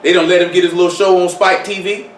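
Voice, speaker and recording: A man's voice: high voice, level tone, fast. A man preaching an informal sermon, talking conversationally with many rhetorical questions and repeated phrases. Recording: echoey room, mic far off.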